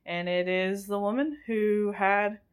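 Young woman chatting about a movie, lots of giggles and ums, slow unhurried talk. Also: mid-range voice, clean tone. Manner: chatty and giggly, rambling with many fillers. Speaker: podcast host recapping a film. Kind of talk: casual chat.

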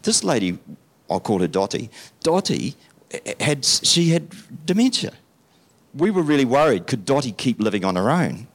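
A middle-aged man, preaching a sermon and telling stories in which he acts out the people involved. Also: mid-range voice. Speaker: pastor.

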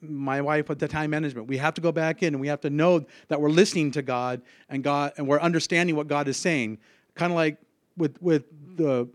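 A man giving an informal sermon, earnest and halting, with many restarts. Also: a little high, dry recording, studio quality. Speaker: lay preacher.

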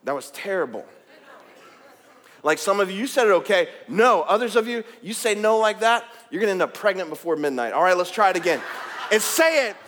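A man preaching a sermon, animated and joking as he calls out to the congregation. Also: sits high, fairly quick. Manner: animated, jokey, calls out to the crowd. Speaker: pastor. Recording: long hall reverb.

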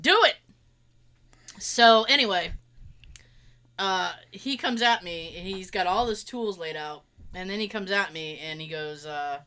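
A woman chatting casually, telling a story with lots of swearing and acting out what others said. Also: medium pitch. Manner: animated, swears freely, acts out others' lines.

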